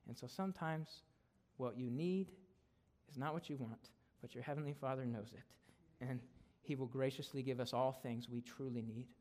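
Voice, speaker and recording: A man preaching a sermon in a casual, conversational way, shifting into loud, emphatic declarations when he reads scripture. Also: medium pitch, moderate pace. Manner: casual, conversational preaching with frequent "right?" and "guys". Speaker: guest preacher.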